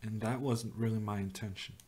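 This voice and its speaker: A man's voice: lowish voice, fairly even intonation, brisk, dark tone, slightly rough. A young man, streaming chess and thinking aloud with wry, self-mocking remarks. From Norway. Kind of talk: live chess commentary.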